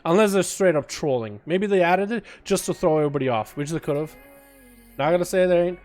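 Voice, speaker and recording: Faint music sits beneath a young male gaming streamer's casual commentary. He has a fairly high, slightly mellow voice and a quick pace, and he's laid-back, quick to laugh, and loose with swear words.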